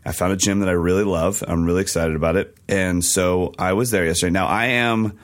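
Hoarse, excitable male co-host, fairly low voice, chatty storyteller. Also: brisk. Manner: excitable storyteller, laughs often. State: hoarse, losing his voice. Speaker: podcast co-host. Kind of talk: casual chat.

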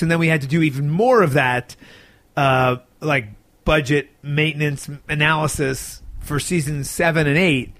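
Tired, chatty man with a high-ish voice. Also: dry recording. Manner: animated, chatty storyteller. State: tired, yawning. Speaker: actor and sitcom co-creator. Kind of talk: casual interview talk.

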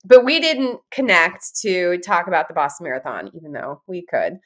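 A woman hosting a running podcast, chatting casually in an animated way and laughing often. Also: lowish voice, moderate pace. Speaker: podcast host. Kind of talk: casual interview chat.

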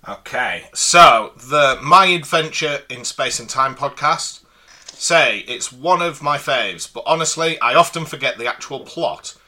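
Man, podcast cohost, teasing and jokey, bright tone. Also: medium pitch, animated, unhurried. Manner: teasing and jokey, reading listener messages. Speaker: podcast co-host. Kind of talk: casual podcast chat.

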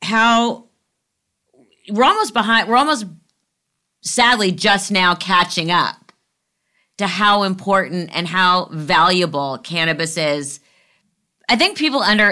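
A woman's voice: fairly low pitch, pushed and bright. A woman hosting a podcast interview, easygoing and laughing along, asking long rambling questions. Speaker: podcast host. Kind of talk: casual interview chat.

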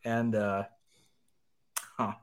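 Man, mid pitch, thinking-aloud reviewer, light chuckles, casual. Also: little pitch movement, drawn-out words, smooth. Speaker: food reviewer.

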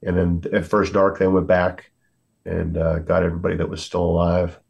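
A man's voice: deep voice, monotone, normal speed, gravelly, darkish tone, breathy edge, dull audio. A middle-aged American man, a military veteran, telling war stories earnestly on a podcast, with many fillers and acted-out quotes. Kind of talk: storytelling in a podcast interview.

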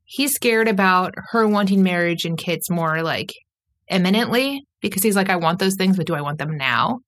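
A woman's voice: lowish voice, lively intonation, normal speed, a bit bright. A woman co-hosting a podcast, chatting casually and recapping a show, with frequent "like" fillers and quotes she acts out. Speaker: podcast co-host.

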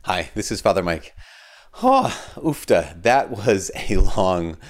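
A man, a priest giving a conversational homily and podcast message. He tells stories in a lively, informal way, with fillers and self-deprecating asides. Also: deep voice, slow pace. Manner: animated storyteller, acts out quoted people in a raised voice.

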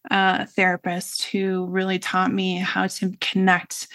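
A woman's voice: mid-range voice, monotone, slow pace, fairly bright tone. Earnest middle-aged woman telling her story. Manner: earnest, reflective, with frequent "you know" and "like". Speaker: interview guest. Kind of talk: personal storytelling in an interview.

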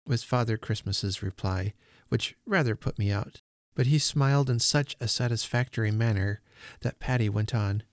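Man calmly reading a storybook. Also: lowish voice, no echo, studio quality. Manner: calm, measured reading. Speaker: podcast host. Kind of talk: storybook narration.

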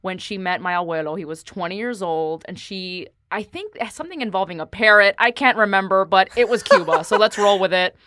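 A woman talks casually with wry, self-deprecating humor and mixes a few Spanish words into her English. Her voice sits in a middle pitch and is recorded dry and close. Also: expressive, brisk, few pauses, a bit bright, dry recording. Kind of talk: casual chat.

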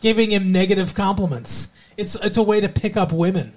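A man's voice: sits high, a little fast, a little hiss or hum. A man co-hosting a podcast, chatting casually and rambling about a TV episode, with frequent swearing and playful asides. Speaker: podcast co-host. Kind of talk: casual TV recap chat.

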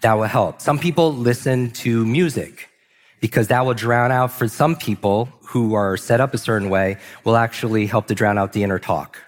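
A man giving an energetic motivational talk on a large stage, asking the audience questions and slowing down for emphasis. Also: mid-range voice. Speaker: speaker. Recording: long hall reverb.

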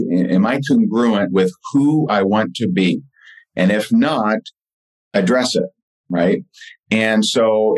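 A man with a fairly low voice, talking as a guest in a relaxed interview. He tells stories in an earnest, conversational way, stopping and restarting his sentences and filling pauses with "um" and "you know.". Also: poor audio. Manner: earnest, with frequent fillers and restarts. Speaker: podcast guest and author. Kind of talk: casual interview storytelling.

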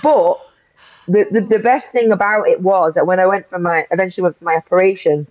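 A woman's voice: on the low side, fairly quick, a little mellow, no room sound. A woman, a guest in an interview, telling a personal story in an emotional rush full of restarts. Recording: dull lo-fi audio.

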